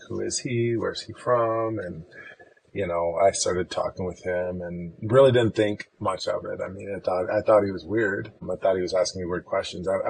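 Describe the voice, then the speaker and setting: Deep-voiced man, gravelly, laid-back rambling storyteller, podcast guest, from chicago. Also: slight background noise, poor audio. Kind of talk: casual personal storytelling.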